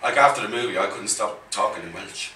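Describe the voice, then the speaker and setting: Fast-talking Irish man. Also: lowish voice, pushed and bright. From Ireland. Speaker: guest musician. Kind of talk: casual chat interview. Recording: echoey room, distant mic, faint noise.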